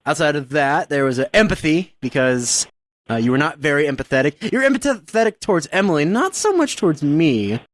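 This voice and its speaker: A man's voice: on the high side, sing-song, fairly quick, dry recording, clean studio sound. A man who co-hosts and engineers a podcast, chatting casually and laughing at himself. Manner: laughing, self-deprecating. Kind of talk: casual chat.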